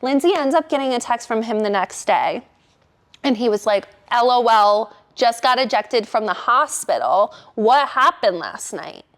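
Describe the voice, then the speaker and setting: A woman's voice: fairly high pitch, unhurried. A young woman telling a wild story in casual, profane chat, full of "like" and vivid quoted lines. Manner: animated, profane, heavy use of "like".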